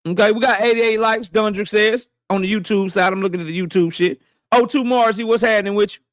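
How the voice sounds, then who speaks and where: Guy with a high voice running a live stream, slangy shout-outs, aave, dry close mic. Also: dry recording. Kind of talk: casual live stream chat.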